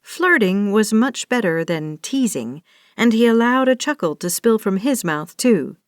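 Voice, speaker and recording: A woman reading a small-town romance audiobook as the narrator, in a steady storytelling manner. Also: medium pitch, unhurried, no echo, clean studio sound. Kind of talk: scripted narration.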